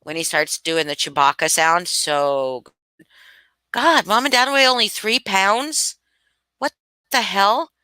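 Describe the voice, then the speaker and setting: A woman's voice: mid-range voice, animated, slow, pushed and bright, smooth, dry recording. A woman hosting a casual live stream, gushing and swearing freely as she chats with viewers. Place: home.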